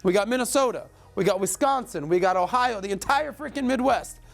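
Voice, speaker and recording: A man's voice: sits high, lively intonation, brisk, gravelly. A man from Florida hosting a show, delivering emphatic, blunt commentary straight to camera, with casual swearing and repeated calls to action. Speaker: show host. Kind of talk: direct-to-camera political commentary.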